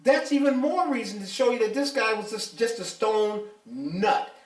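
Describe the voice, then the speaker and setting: An older man with a high voice talks bluntly and emphatically, his pitch leaping around as he tells the story. He sits some distance from the mic, in a room with a lot of echo. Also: animated, normal speed. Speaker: retired police officer, interviewee. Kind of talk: casual interview talk.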